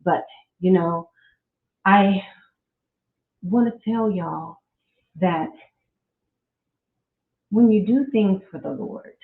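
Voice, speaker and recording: A middle-aged woman hosting a podcast, talking slowly and from the heart, with frequent religious exclamations. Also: medium pitch. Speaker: podcast host. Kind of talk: casual faith-based personal talk. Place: at home. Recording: echoey room, phone-like audio.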